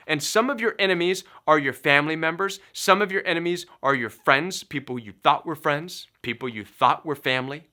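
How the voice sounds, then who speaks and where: A middle-aged man talks listeners through a self-help lesson in a bright, forceful voice that sits a little high. He is emphatic and preachy, hammering his points with repetition. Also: brisk, few pauses. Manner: emphatic, preachy, repeats key phrases. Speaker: recovery coach. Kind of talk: motivational self-help talk.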